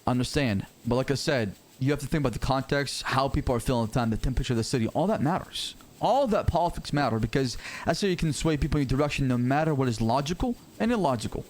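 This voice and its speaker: Fast-talking man arguing in character. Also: mid-range voice, expressive, darkish tone. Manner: rapid, insistent, repeats words when pushed. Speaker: roleplay character in a city life game. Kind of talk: heated in-character argument.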